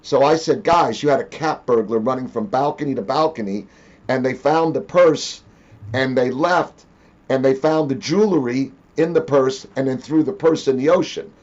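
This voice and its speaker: A man's voice: mid-range voice, moderate pace, highs cut off. A man hosting an interview, telling stories casually and acting out the dialogue of the people in them. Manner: animated, acts out quoted dialogue. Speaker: interview host.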